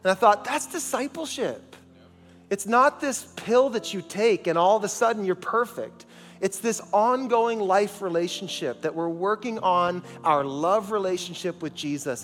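A man's voice: sits high, long reverb tail. A man preaching a sermon as pastor, emphatic and calling on the congregation for responses, in a large church sanctuary.

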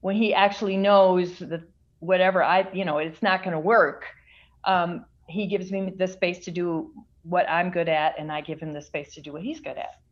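A woman guest telling a story in a chatty, relaxed way during a podcast interview over a video call. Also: fairly low pitch, moderate pace, highs cut off. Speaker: guest, author's wife.

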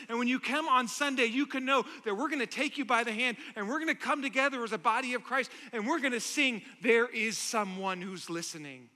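Impassioned pastor with a bright, high voice. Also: male voice, big-room sound. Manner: impassioned, swings from loud to hushed. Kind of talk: sermon.

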